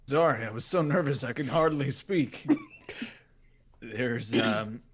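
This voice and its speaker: A man's voice: mid-range voice, slow, slight background noise. A man playing his character in a tabletop game, stammering politely through hesitant, nervous answers. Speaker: player. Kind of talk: in-character tabletop role-play.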